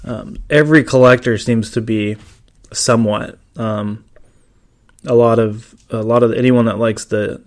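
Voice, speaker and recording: A man's voice: medium pitch, vocal fry, darkish tone. Rambling man hosting a podcast. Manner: rambling, many fillers and restarts. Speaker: podcast host. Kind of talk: casual solo podcast monologue.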